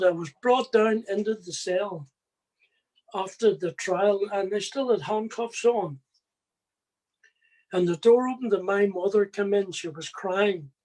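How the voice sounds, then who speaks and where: Slow-spoken man telling his story. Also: high-pitched, darkish tone. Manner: slow, plain storytelling addressed straight to listeners. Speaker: speaker giving a personal testimony. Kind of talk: personal faith testimony.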